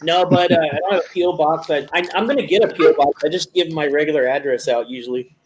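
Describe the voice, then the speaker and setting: A man's voice: fairly high pitch, fast, a little hiss or hum. A man hosting a casual live stream, loose and laughing, greeting viewers by name.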